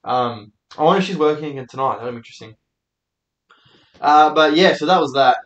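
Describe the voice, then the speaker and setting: A man's voice: a little high, a little fast, a bit bright, roomy sound, muffled recording. A young Australian man hosting his own show, telling rambling stories in a casual, sweary way. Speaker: podcast host and comedian. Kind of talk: solo storytelling monologue.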